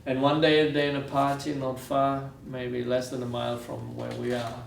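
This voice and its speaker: A man's voice: medium pitch, completely flat delivery, normal speed, vocal fry, reverberant, slight background noise. A man from Israel giving a lecture, telling stories earnestly and repeating phrases for weight, recorded from far off in a university lecture room. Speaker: guest lecturer. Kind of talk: storytelling lecture.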